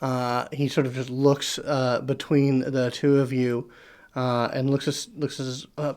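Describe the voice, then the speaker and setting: A man's voice: medium pitch, level tone, unhurried, darkish tone. A man running a tabletop game as game master, narrating hesitantly with many filler sounds.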